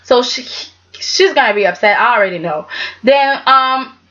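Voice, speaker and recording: A woman's voice: a little high, animated, normal speed, a bit bright, muffled recording. A woman giving a casual, sassy vlog review of a soap opera, talking emphatically and tagging her points with "okay?".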